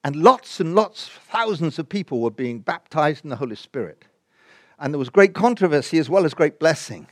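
An older man delivers a personal testimony from the pulpit, his voice sitting a little high and swinging widely in pitch. He tells the story with lively energy, acting out the dialogue and sinking at times nearly to a whisper. The sound is dry and close, with little room echo. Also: normal speed. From England. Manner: animated storyteller who acts out dialogue and drops to near-whispers. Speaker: preacher.

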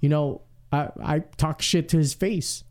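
A man's voice: fairly high pitch, a little slow. Profane teasing podcast host man. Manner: profane, teasing, talks over others. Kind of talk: casual crude banter.

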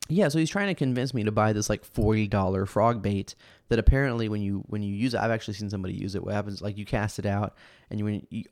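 A man's voice: fairly low pitch, no room sound, studio quality. A young man hosting a podcast alone, telling rambling, self-amused stories full of fillers and restarts. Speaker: podcast host. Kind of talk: casual solo storytelling.

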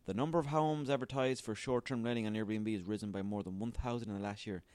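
A man's voice: lowish voice, fairly even intonation, fast, darkish tone, no echo. A man hosting a solo comedy podcast, sweary, rambling and self-mocking. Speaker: podcast host.

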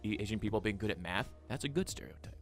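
A man's voice: fairly low pitch, expressive, fast, soft background music. A man co-hosting a podcast, bantering playfully and often laughing. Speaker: podcast co-host.

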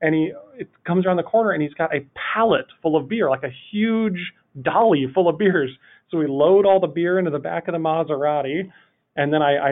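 A man, a guest on a podcast, telling a funny anecdote in an animated, rambling way full of "like". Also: a little high. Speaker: podcast guest, city project manager. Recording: tinny phone-line audio.

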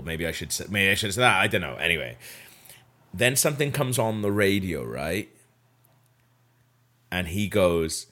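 Low-voiced podcast host, loose and rambling storyteller. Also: male voice, expressive, moderate pace, bright, forceful tone. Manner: rambling, with many fillers and self-corrections. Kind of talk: casual storytelling.

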